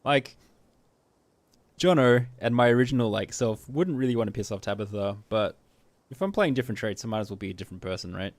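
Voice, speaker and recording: A man's voice: on the low side, animated, brisk, no room sound. A man casually commenting while streaming a game, laughing often and reading the game text aloud.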